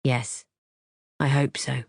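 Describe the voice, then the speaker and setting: A woman voicing a nervous, apologetic man who speaks slowly and carefully. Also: rumbling low, level tone, gravelly, dry recording, clean studio sound, pitched below the performer's own voice, full character voice. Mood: sheepish. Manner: slow, careful, hesitant.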